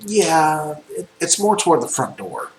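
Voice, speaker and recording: A man running a tabletop game as game master, describing scenes in unhurried narration with frequent ums. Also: a little high, big pitch swings. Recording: echoey room with faint noise.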